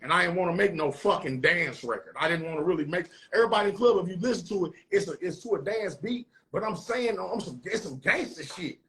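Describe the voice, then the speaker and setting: A man with a St. Louis accent, a rapper, telling a story in a debate, profane and animated, acting out quotes loudly. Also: sits high, fast talker, hardly any pauses.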